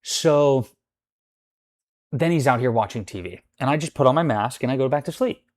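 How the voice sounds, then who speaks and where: A man's voice: mid-range voice, expressive, moderate pace, a little mellow. Man venting, casual storytime rant, loose and profane, filler-heavy. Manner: profane, rambling, full of "like" fillers. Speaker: vlogger.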